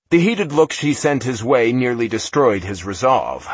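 A man narrating a romance audiobook in an expressive, steady storytelling voice. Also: medium pitch, unhurried, few pauses, slightly rough, no room sound. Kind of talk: scripted narration.

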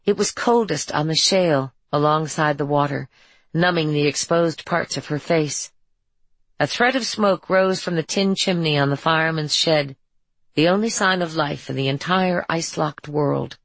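A woman narrating an audiobook in a steady, even storytelling manner. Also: low voice, moderate pace, no echo, low-quality recording. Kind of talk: scripted narration.

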